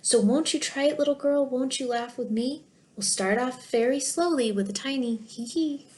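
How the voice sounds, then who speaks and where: A woman voicing a cheerful male jester who speaks in bright, coaxing rhymes. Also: high-pitched, normal speed, natural voice. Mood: gentle. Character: cheerful jester on a quest to find laughter, male.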